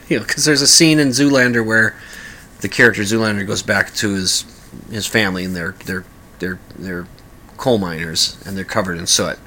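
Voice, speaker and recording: Male podcast host, chatty and rambling, bright forceful tone. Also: on the low side, moderate pace, slight background noise. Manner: rambling, with many restarts and sung mock lyrics. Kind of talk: casual monologue.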